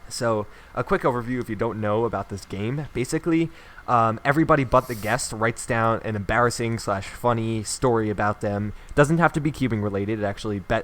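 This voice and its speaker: A man's voice: on the low side, fairly bright tone. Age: adult. Sex: man. Role: upbeat podcast host. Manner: upbeat, joking, leads the segments. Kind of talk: casual podcast chat.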